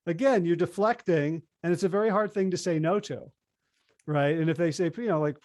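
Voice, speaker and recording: A man's voice: on the high side, a little fast, a little mellow, dry recording, studio quality. A man speaking as an interview guest and author, explaining ideas animatedly and acting out quoted dialogue in a conversational way.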